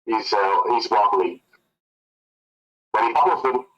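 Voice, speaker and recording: A man's voice: on the low side, a little slow, fairly bright tone, highs cut off. Man narrating a tabletop game casually. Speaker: game master.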